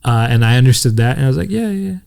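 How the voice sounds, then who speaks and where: A young man chatting easily on a podcast, spinning a travel story. He slips into other people's voices as he quotes them. His voice sits at an ordinary middle pitch. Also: racing, creaky, a little mellow, clear, resonant tone. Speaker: podcast co-host. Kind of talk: casual chat.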